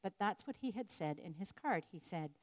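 A woman's voice: fairly low pitch, expressive, normal speed. An older woman telling a personal story in an earnest, reflective devotional talk. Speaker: speaker sharing a personal story.

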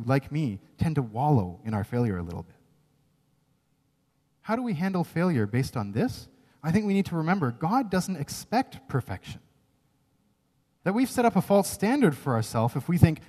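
A man delivers a sermon in a lively, higher-pitched voice that rises and falls freely. He speaks earnestly and emphatically, tossing in quick "right?" asides. His words ring out with the long reverb of a large hall. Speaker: preacher.

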